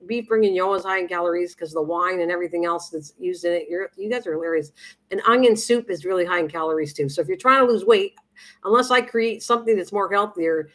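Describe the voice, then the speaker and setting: Her pitch is plainly middle-range as this middle-aged woman chats with viewers while cooking on a live stream. She meanders, restarts her thoughts, and fills gaps with um and uh.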